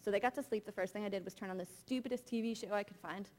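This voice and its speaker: A woman's voice: mid-range voice, very fast, a little mellow. A woman in her thirties preaching a sermon, telling a candid, confessional personal story.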